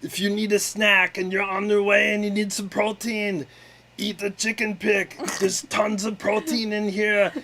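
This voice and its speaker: A man voicing a goofy male cartoon pitchman with a put-on cartoonish accent and a slow, hammy sales delivery. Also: a bit bright.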